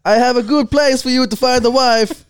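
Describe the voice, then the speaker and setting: A man voicing a loud, hammy Italian plumber in an improvised comedy skit, drawn out in a put-on Italian accent. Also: very high-pitched, steady tone, normal speed, clean tone, voice pushed up.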